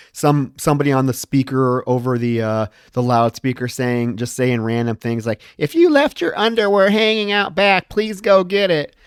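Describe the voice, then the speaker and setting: A man's voice: medium pitch, no echo. Casual male podcast co-host, dry sound. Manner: rambling plot recap with profanity. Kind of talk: casual film discussion.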